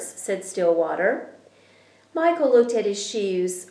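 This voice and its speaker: A woman reading a children's storybook aloud, with an expressive delivery. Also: on the low side, slow. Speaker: reader. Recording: roomy echo.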